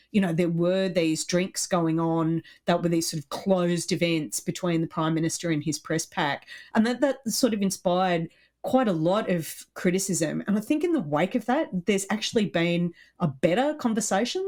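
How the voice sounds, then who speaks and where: A middle-aged woman with an Australian accent, co-hosting an animated, opinionated political podcast chat. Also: on the low side. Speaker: podcast co-host.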